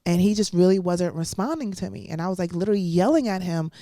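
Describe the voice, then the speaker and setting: A woman's voice: on the low side, quick pace, mellow, no room sound, clean studio sound. A young woman comedian, a guest telling a story in a casual interview, blunt and profane, often laughing and acting out the voices of people in it.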